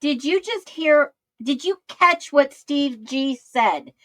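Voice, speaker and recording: A woman host gives true crime commentary and speaks straight to her viewers, stressing her points. Her voice is high and her delivery unhurried. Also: animated. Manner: emphatic, addresses viewers directly.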